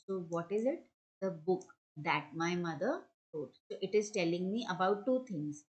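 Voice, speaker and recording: Woman teacher, unhurried, patient classroom delivery, mid-range pitch. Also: rough recording. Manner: slow, patient explaining with examples. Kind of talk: grammar lesson for children.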